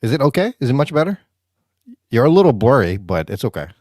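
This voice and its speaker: A man's voice: mid-range voice, big pitch swings, fast talker, a little mellow, no room sound, clean studio sound. A man in his fifties from the Philippines, co-hosting a casual podcast over a video call, joking and laughing often. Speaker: podcast co-host. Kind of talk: casual chat.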